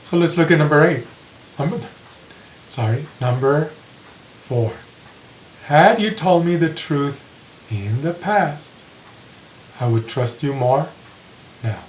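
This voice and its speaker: A man teaching an English grammar lesson, reading example sentences slowly and repeating them with care. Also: on the high side, animated. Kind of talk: slow classroom grammar lesson. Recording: echoey room with faint hiss.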